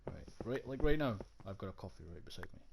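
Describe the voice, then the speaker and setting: A man's voice: fairly low pitch, big pitch swings, quick pace, gravelly. A young Scottish man chatting casually while playing a game, rambling, jokey and full of swearing. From Scotland. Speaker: gaming vlogger. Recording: loud background noise.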